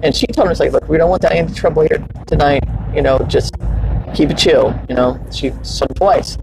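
Gravelly man telling a story from his car. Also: fairly quick, background noise. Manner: animated, laughs often, acts out quotes in a higher voice. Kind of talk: casual storytelling vlog. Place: inside a car.

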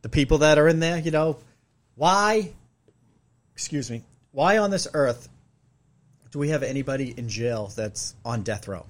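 A man's voice: fairly high pitch, moderate pace, pauses often. A middle-aged man co-hosting a casual podcast chat, telling stories and giving blunt, profane opinions. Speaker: podcast co-host.

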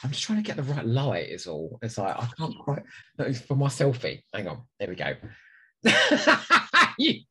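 A man with a husky, slightly breathy voice chats on a podcast. His pitch leaps up and down as he teases his co-host, giggling through the playful banter. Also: huge pitch swings, moderate pace, fairly bright tone. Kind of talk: casual comedic chat.

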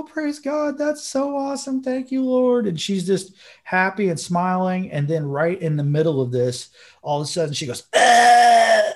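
A man's voice: on the high side, a little mellow. A man hosting a podcast, telling a story in a casual, earnest and emotional way, dropping slang like bro and dude. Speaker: podcast host.

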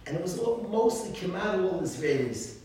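A man, a rabbi, giving an informal religious talk full of animated stories and frequent chuckles. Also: high voice, a little fast. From United States. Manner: animated storytelling, chuckles often. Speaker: rabbi teaching a class. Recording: very echoey room, distant mic, faint noise.

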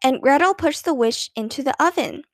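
A woman's voice: high-pitched, expressive, normal speed, dry recording, studio quality. A woman voicing a small, impish little girl who explains herself matter-of-factly. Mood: innocent.

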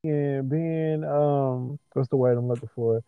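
A man hosting a podcast who asks questions in a laid-back, measured way. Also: mid-range voice, steady tone, clear, resonant tone, no room sound. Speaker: podcast host. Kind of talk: casual interview. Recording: dull, dry podcast audio.

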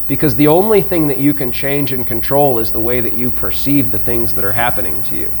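A man's voice: medium pitch, expressive, brisk, darkish tone. A man in a casual chat, talking earnestly and reflectively, with casual swearing. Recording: faint background noise.

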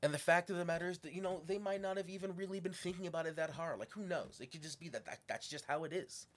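A man's voice: on the high side, fast. A man co-hosting a podcast, talking casually through prepared notes with a sarcastic edge and frequent swearing. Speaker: podcast co-host.

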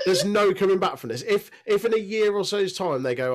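A man hosting a casual podcast, recapping a wrestling show with lots of swearing and high laughing outbursts, on a desk mic with headphones. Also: quick pace, few pauses. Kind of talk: casual chat.

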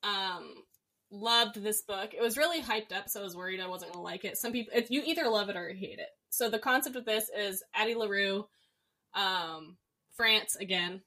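Relaxed woman podcast co-host. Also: mid-range voice, normal speed. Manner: relaxed storytelling with fillers like um and like. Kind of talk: casual chat about books.

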